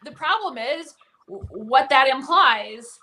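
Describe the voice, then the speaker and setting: Bright, higher-voiced woman on a phone. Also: animated, slow, low-quality recording. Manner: chatty storyteller, lots of fillers and laughs. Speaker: guest comedian. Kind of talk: casual chat.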